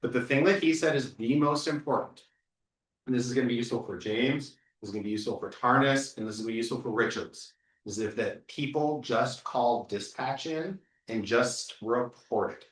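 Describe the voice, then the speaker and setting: A man's voice: mid-range voice, a little fast. A man leading a community meeting, talking in a blunt, earnest and emphatic way. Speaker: meeting organizer. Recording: echoey room from far off.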